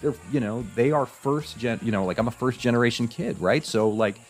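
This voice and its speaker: A man guest on a podcast, telling a personal story in a casual, animated way, acting out his parents' voices. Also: mid-range voice, a little fast, soft background music.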